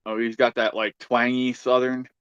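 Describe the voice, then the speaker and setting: A man's voice: mid-range voice, level tone, normal speed, fairly bright tone, clean tone, dry recording, lo-fi sound. A man hosting a casual livestream chat, easygoing and chatty, reading out viewer comments. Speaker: livestream host.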